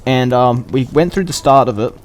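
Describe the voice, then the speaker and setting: A man telling a story to the camera in a loose, excited way, full of swearing and restarts. His voice sits at an ordinary middle pitch. He talks casually, like a vlogger chatting to his viewers. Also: normal speed. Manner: animated, profane, rambling.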